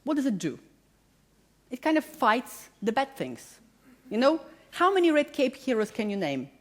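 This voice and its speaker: A woman's voice: high-pitched, big pitch swings, moderate pace. Enthusiastic accented woman lecturing a hall. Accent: non-native English with a slight British tinge. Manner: enthusiastic, self-deprecating, addresses audience directly. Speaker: positive psychology lecturer. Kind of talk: public talk to a live audience. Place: large public hall.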